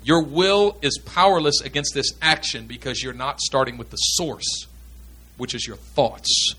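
A man's voice: mid-range voice, unhurried, sharp tone, husky. A man teaching in a sermon style, earnest and emphatic, repeating his key points. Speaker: pastor teaching pastors.

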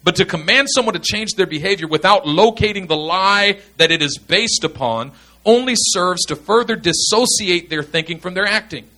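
A man's voice: high-pitched, lively intonation, moderate pace, sharp tone. A man teaching in a sermon style, earnest and emphatic, repeating his key points. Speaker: pastor teaching pastors.

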